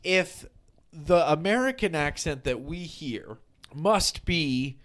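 A man's voice: on the high side, expressive, slow pace, fairly bright tone. A man co-hosting a podcast, chatting casually and musing aloud with lots of questions. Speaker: podcast co-host. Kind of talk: casual chat.

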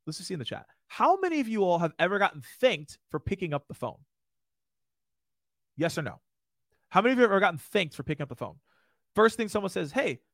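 A man giving a live online sales lesson, energetic and casual, acting out friendly phone openers and checking in with "right?" often. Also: sits high, no echo, clean studio sound. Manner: energetic, demonstrates phone lines with a friendly laugh; casual, frequent rhetorical "right?". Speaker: sales trainer.

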